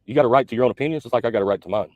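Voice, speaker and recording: A truck-driving man delivers a blunt, confrontational rant at a rapid clip. His voice sits mid-range and sounds close and dry, with no room around it. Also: medium pitch, a little mellow, dry recording. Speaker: truck driver YouTuber. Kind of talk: recorded video rant.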